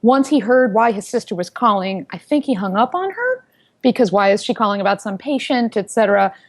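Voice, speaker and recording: A woman in her thirties, a founder telling her story in an interview, animated and quick to act out what people said. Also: mid-range voice. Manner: animated storyteller who acts out quoted voices.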